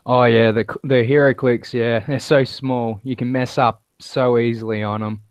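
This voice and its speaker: Man, video call guest, even flat delivery, smooth tone, dull lo-fi call audio. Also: medium pitch, moderate pace, dry recording. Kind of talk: casual chat.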